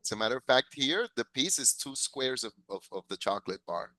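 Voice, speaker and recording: Man, english teacher, bright voice, dry close sound, patient, repeats words. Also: medium pitch, animated, a little fast, no echo, rough recording. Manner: patient, repeats and corrects words, praises students. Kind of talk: classroom lesson mixing English and Spanish.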